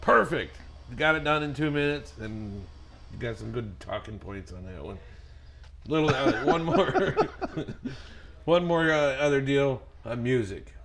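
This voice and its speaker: A man hosting a casual podcast interview, prodding his guest with brisk questions and laughing along. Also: medium pitch, lively intonation, gravelly, crowd noise. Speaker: podcast host.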